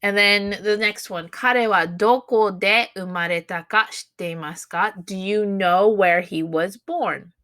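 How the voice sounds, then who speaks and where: A woman's voice: normal speed, hardly any pauses, no room sound. A woman teaching a Japanese grammar lesson in English, explaining patterns and acting out sample phrases. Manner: explanatory, acts out sample Japanese phrases with lively pitch swings.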